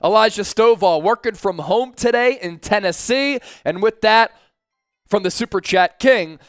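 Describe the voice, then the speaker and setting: High-voiced energetic live-stream sports host. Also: male voice, clean tone, dry recording, studio quality. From Philadelphia area, USA. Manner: energetic, hyped, chanting with the chat. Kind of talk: live-stream sports talk, reading chat shout-outs. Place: studio.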